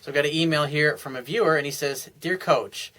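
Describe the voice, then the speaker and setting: A man's voice: a little high, a little fast, fairly bright tone, poor audio. A man giving casual, blunt dating advice as a coach, answering a viewer's email in a conversational monologue.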